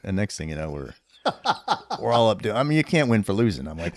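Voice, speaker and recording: A retired sergeant major in his fifties, appearing as a podcast guest, tells stories casually with animated swearing and plenty of laughter. His voice is lowish and brisk, recorded in a clean studio with no room sound.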